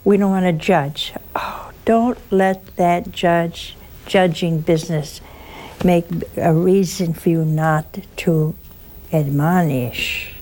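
A woman who is a nun, giving a storytelling sermon, slow and emphatic, with rhetorical questions and folksy asides. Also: fairly low pitch, fairly even intonation, warm tone, slight background noise.

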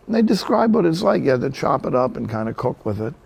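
A man's voice: medium pitch, big pitch swings, quick pace, vocal fry, a little mellow, slightly rough. A man from New Jersey preaching a sermon, telling Bible stories with humorous asides. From New Jersey, USA.

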